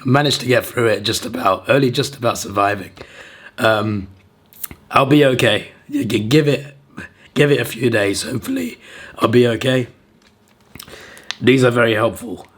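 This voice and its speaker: A hoarse man hosting a casual vlog to camera through a sore throat, often laughing at himself. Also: medium pitch, fairly bright tone. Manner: self-deprecating and laughing often. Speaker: video host.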